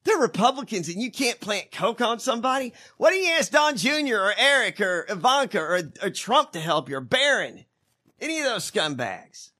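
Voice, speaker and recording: A man with a high, bright, sharp voice riffs sarcastically. He swears freely and his pitch jumps all over the place as he jokes. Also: sing-song, normal speed. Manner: sarcastic, profane, joking. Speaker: podcast co-host. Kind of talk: casual reaction chat.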